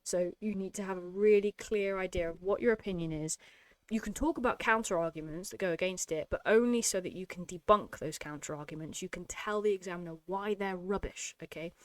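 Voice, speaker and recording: A woman's voice: fairly low pitch, fairly quick, hardly any pauses, no room sound. A woman teaching an exam-prep lesson, emphatic and explanatory, often checking in with "okay?". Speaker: English tutor.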